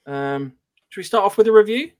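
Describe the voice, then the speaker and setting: A man hosts a relaxed podcast, chatting casually with his co-hosts. His voice sits a little higher than most men's. He keeps a laid-back, friendly pace while reading out listener messages. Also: a little fast. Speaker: podcast host.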